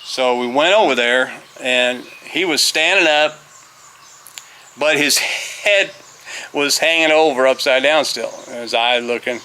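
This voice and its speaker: Man, middle-aged, bright voice, rambling folksy storytelling, outdoors, faint insect and bird ambience. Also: medium pitch, slow pace, slight background noise. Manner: rambling, folksy, with many fillers and restarts. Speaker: vlogger, former teacher. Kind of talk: casual storytelling. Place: outdoors on a farm.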